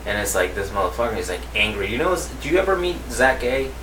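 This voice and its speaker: Animated man telling stories, roomy sound. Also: fairly low pitch, fast talker. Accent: Hispanic-accented English. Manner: animated storyteller, acts out quoted voices. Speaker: podcast host. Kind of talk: casual comedy podcast banter. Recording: roomy, distant mic with faint noise.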